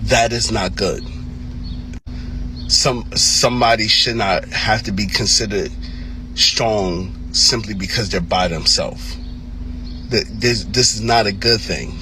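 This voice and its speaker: A man's voice: lowish voice, slow pace, pauses often, pushed and bright, a little hiss or hum. A man giving emphatic, repetitive commentary with many restarts.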